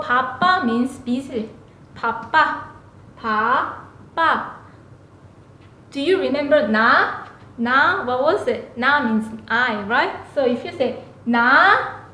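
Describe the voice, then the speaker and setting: A woman with a Korean accent, a native Korean speaker teaching a beginner language lesson and repeating syllables with sharp emphasis. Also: high-pitched, roomy sound.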